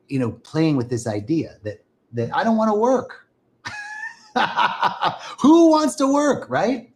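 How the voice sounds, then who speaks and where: A man hosting a spiritual live stream, talking casually and enthusiastically to viewers and greeting them by name. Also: medium pitch.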